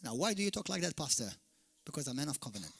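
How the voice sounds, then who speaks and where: A man from Malta preaching a fiery sermon as pastor, swinging from shouted peaks to sudden quiet drops. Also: on the high side, big pitch swings, rapid-fire, creaky, husky. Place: church hall.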